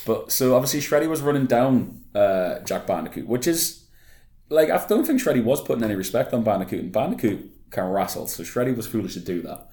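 A man's voice: mid-range voice, expressive, fairly quick, dark tone, echoey room. A man co-hosting a casual podcast chat, laid-back and sweary. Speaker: podcast co-host. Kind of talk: casual chat about wrestling.

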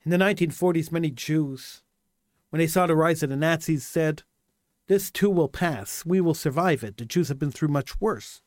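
A man's voice: fairly high pitch, normal speed, a little mellow, no room sound, studio quality. A man delivering an impassioned monologue commentary, hammering points home with repeated rhetorical questions.

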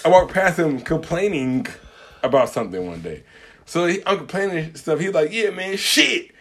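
A man with a lisp, telling stories quickly and rambling in a casual podcast chat. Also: on the high side, sing-song, husky. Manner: talks with a lisp; rapid rambling storytelling, full of restarts and laughter. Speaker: podcast co-host.

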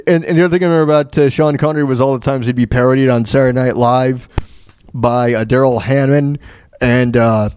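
A man's voice: medium pitch, a little mellow, no room sound, clean studio sound. Rambling man hosting a radio show. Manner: rambling, with many fillers and restarts; laughs at his own retold jokes. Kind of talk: casual storytelling monologue.

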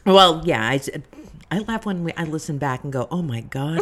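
A woman's voice: deep voice, animated, moderate pace, a bit bright. A woman who works as a chef, co-hosting a podcast in casual, rambling chat with lots of restarts. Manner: rambling, self-deprecating, many restarts.

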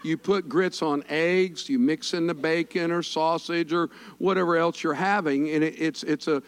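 A man's voice: a little high, fairly even intonation, moderate pace, clear, resonant tone. A man preaching a conversational sermon, folksy and joking with the congregation. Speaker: pastor.

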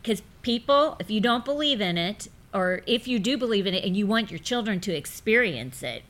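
A middle-aged woman hosts a casual faith talk in a bright voice. She keeps things upbeat, asks leading questions, and turns to address the listeners directly. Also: mid-range voice, expressive, fairly quick. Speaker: host.

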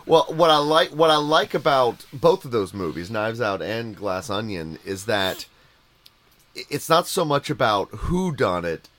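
A man's voice: mid-range voice, animated, measured pace, a bit bright. A man co-hosting a casual chat, enthusiastic, often repeating words as he starts a thought.

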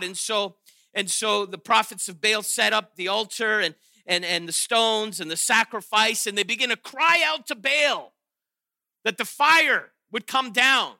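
Animated high-voiced male preacher. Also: unhurried, vocal fry, no echo, studio quality. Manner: animated, sarcastic acting-out of quotes, frequent restarts. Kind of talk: sermon. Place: chapel or auditorium.

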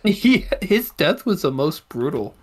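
A man's voice: fairly high pitch, very animated, unhurried. A young man co-hosting a podcast, chatting in a laid-back, joking way about a movie. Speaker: podcast co-host. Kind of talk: casual movie review chat.

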